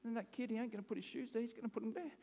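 A man in his thirties with an Australian accent, preaching a sermon in a lively, conversational way with asides. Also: very high-pitched, rapid-fire, gravelly. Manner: animated and conversational, with asides and laughs. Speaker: pastor. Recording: long hall reverb.

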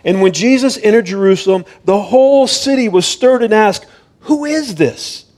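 A man's voice: high-pitched, a little fast, a little mellow. A male pastor giving a sermon in a conversational, explanatory way, retelling a Bible story and reading scripture aloud.

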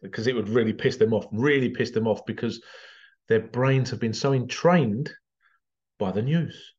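Male vlogger, animated ranting monologue, medium voice, dull recording. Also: mid-range voice, normal speed. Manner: animated, repetitive, acts out quotes in exaggerated voices.

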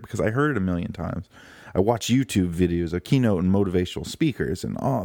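A man's voice: low voice, a little mellow, dry recording, studio quality. A man hosting a solo motivational podcast talk, earnest and rambling, often correcting himself mid-sentence. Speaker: podcast host.

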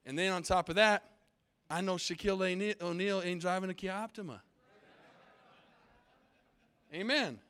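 Man, high-pitched, pastor preaching, emphatic sermon, call-and-response, middle-aged. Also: a little fast, fairly bright tone, smooth. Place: church sanctuary.

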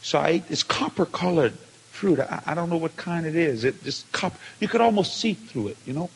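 A man preaching a testimony sermon, telling it with feeling and swinging from hushed tones to shouts. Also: a little high, animated, a little fast, vocal fry, slight background noise. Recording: long hall reverb.

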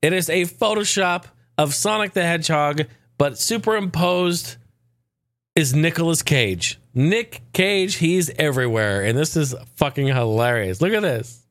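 A man's voice: a little high, unhurried, fairly bright tone, no room sound, studio quality. A man hosting a podcast in casual chat, rambling loosely, swearing freely and chuckling often. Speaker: podcast host.

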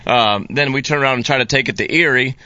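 A man's voice: medium pitch, fast talker, bright, forceful tone, dull audio. A man being interviewed as a guest about making fishing videos, talking in a laid-back, rambling way with lots of fillers. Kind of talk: casual interview chat.

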